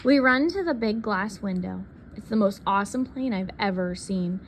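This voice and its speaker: A woman reading a picture book aloud in a soft, unhurried storytelling manner. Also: mid-range voice, lively intonation, a little hiss or hum. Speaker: reader.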